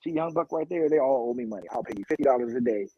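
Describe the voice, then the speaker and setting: A man's voice: fairly high pitch, very fast, vocal fry, slightly rough, highs cut off. A man voicing a streetwise male drug dealer who recruits muscle, talking in coaxing street slang.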